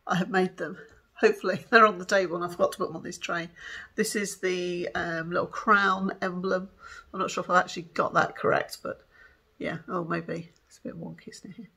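A tired woman, chatting excitedly to camera in a home vlog and giggling often. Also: on the low side, brisk, gravelly, slightly rough. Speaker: vlogger. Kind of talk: casual chat to camera.

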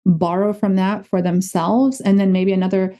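A woman hosts a casual interview and warmly picks up her guest's points. Her voice sits at a middle pitch with a dark, mellow color. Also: little pitch movement, normal speed. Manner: affirming, building on the guest's points.

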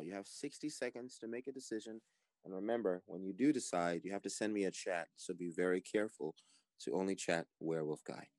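Low-voiced guy running a werewolf game on voice chat, calm steady announcing, dry close sound. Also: fairly quick, no echo. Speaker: game master and stream host. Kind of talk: running an online party game over voice chat.

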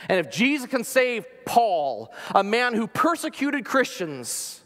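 A man preaching a sermon as pastor, earnest, sometimes dropping to a soft near-whisper for emphasis. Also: very high-pitched, big pitch swings, takes it slowly, hardly any pauses, in a large hall.

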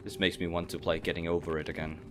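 A man's voice: low-pitched, flat delivery, quick pace, over music. A frightened man, commentating as he plays a horror game, jittery and repeating himself when scared. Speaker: gamer playing a horror game. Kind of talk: nervous horror let's play commentary.

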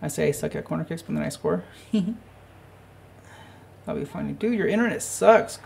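A man's voice: a little high, expressive, normal speed, creaky, a little mellow, a little hiss or hum. A young man giving casual, profane commentary while playing a football video game, muttering and grumbling to himself about lag. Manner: swearing, frustrated, muttering to himself. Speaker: gaming channel host. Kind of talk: live gameplay commentary.

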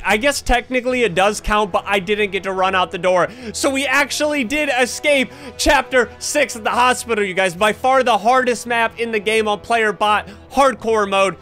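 A man's voice: high voice, normal speed, hardly any pauses, pushed and bright, soft background music. A young man hosting his gaming channel, giving jumpy, panicky commentary full of gasps and yelps as he plays. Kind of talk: excited gameplay commentary.

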